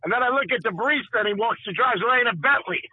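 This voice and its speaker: A man's voice: very high-pitched, narrow, tinny audio, slight background noise. A man hosting sports radio, telling wisecracking stories and quoting the people in them in casual banter. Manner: storytelling, wisecracking, quick to quote people.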